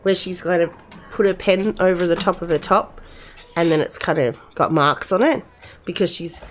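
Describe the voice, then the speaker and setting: A woman's voice: fairly low pitch, normal speed, slight background noise. A middle-aged woman commenting casually on a game, chatty and rambling, speaking to the characters as if they were friends. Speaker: gamer playing and commenting.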